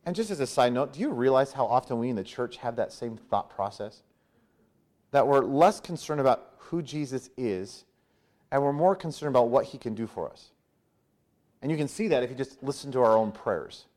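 A man preaching a sermon, acting out voices in a lively, conversational way. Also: medium pitch, moderate pace. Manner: animated, acts out crowd voices with "hey". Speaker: pastor.

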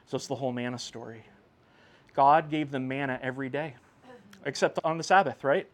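A male pastor preaching a sermon in a conversational, animated way, swinging between hushed and loud. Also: mid-range voice, a little fast, pauses often.

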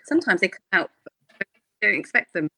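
A woman's voice: medium pitch, very animated, a little fast, gravelly, pushed and bright, husky, no room sound, low-quality recording. A woman, an actress guest in a casual podcast interview, chatting freely, laughing often and trailing off mid-sentence.

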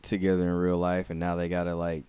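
A man's voice: low voice, quick pace, clean tone, dry recording. A man casually recapping wrestling matches on a podcast, telling it as a story and acting out the lines, with some swearing. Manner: animated storyteller, acts out quotes, swears. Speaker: podcast co-host.

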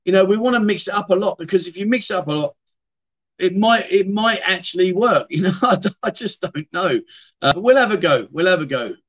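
A middle-aged man with a British accent talks through a relaxed livestream and answers viewers in a loose, chatty way. He is self-deprecating, often trails off and restarts his thoughts. His voice sits a little higher than most men's. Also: a little fast. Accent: British English. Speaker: livestream host. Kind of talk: casual livestream chat reading viewer comments. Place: home streaming room.

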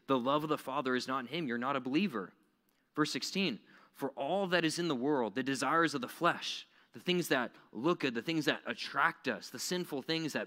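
A man's voice: medium pitch, normal speed, sharp tone. A young man giving a casual, conversational sermon, acting out quoted voices. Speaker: preacher.

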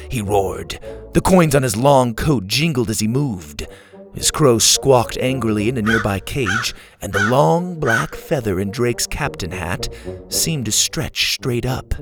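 A man narrating a children's storybook aloud in an expressive, animated way. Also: medium pitch, measured pace, faint music behind.

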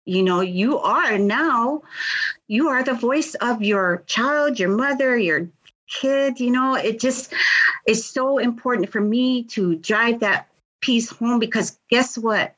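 A woman's voice: on the high side, takes it slowly, a bit bright, highs cut off. A middle-aged woman, telling her story in an interview, earnest and impassioned, often repeating words. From Hawaii. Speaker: victims' advocate, guest.

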